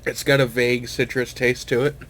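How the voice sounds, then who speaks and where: A man's voice: medium pitch, little pitch movement, a little fast, fairly bright tone. A young man chatting casually and hesitantly, with many fillers and self-deprecating asides, while tasting a drink at home. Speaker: hobbyist vlogger. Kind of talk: casual rambling chat. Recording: noisy home recording with clinking.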